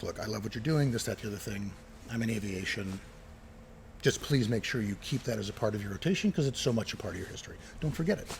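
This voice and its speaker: A middle-aged man, a retired air traffic controller and pilot, tells lively stories as an interview guest, acting out what people said. His voice is medium in pitch, and the casual interview was recorded in a former airport terminal building near a runway.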